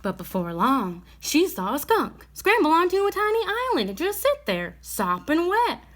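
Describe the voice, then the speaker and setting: A woman reading a bedtime story aloud in a gentle, expressive way. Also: high-pitched, moderate pace.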